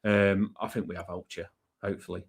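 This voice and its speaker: A man co-hosting a football fan podcast, excitable and hyping himself up in casual chat. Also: low voice, brisk, gravelly, husky. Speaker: podcast co-host.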